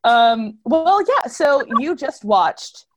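A woman hosting a podcast in casual chat, giggly and eager, explaining things quickly. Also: sits high, big pitch swings. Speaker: podcast host.

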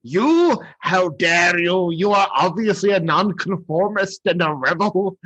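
A man doing a pompous cartoon tyrant, pitched well above his own voice and barking in a husky, overblown way. Every order comes out loud and theatrical. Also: animated, unhurried, no echo, highs cut off, heavily acted. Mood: outraged. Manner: over the top, shouting orders. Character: pompous blustering adult male town tyrant.

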